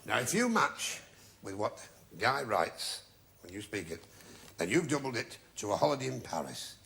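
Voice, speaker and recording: A man hosting a TV game show with wisecracking jokes and drawn-out asides to the audience. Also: mid-range voice, big pitch swings, gravelly. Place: TV studio with a live audience. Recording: loud studio audience and noise from an old TV broadcast.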